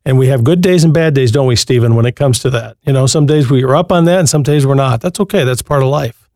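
A man's voice: mid-range voice, fast, dark tone, dry recording, studio quality. A man hosting a Christian call-in advice show, talking to callers in a reassuring, folksy way. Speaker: radio call-in host.

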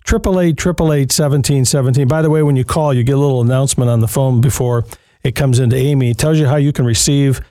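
A male radio host with a mellow, warm voice, recorded dry and close in the studio. He speaks in an earnest, advising way. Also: medium pitch, fast talker, no echo. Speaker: radio talk show host. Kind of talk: radio call-in show hosting.

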